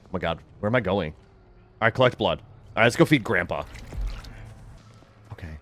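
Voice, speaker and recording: A man giving casual, jokey commentary while playing a horror game, getting excited and shouting at teammates. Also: on the low side, normal speed, faint music behind. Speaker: gamer.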